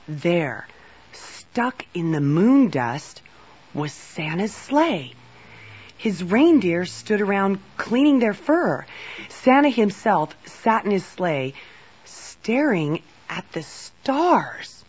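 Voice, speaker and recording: A woman reading a Christmas storybook aloud in a soft, slow, gentle narration, heard on a dull lo-fi recording. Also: on the low side, very animated, husky. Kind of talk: children's storybook read-aloud.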